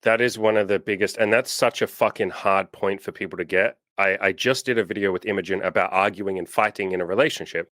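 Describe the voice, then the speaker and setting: Man, very low voice, dry close sound, frank emphatic coach, casual swearing. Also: steady tone, a little fast, few pauses, fairly bright tone, dry recording. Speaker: coach and host. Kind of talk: casual interview chat.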